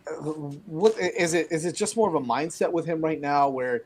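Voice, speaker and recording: Rambling laid-back podcast host. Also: male voice, on the high side, normal speed, darkish tone, breathy edge. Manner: rambling, filler-heavy, laughing. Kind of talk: casual sports chat.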